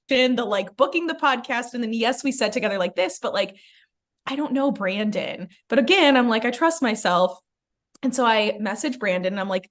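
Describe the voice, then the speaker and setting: A young adult woman, a podcast host, telling a personal story in casual chat, filling her talk with "like" and acting out what others said. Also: on the high side. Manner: animated, many "like" fillers, acts out quoted lines.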